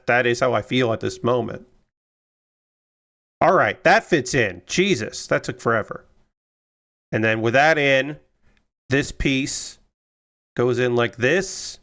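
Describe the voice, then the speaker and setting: Building a model kit on stream, a young man chats casually in a medium-pitched, slightly bright voice. He rambles, sounds exasperated, swears freely and keeps firing off repeated questions.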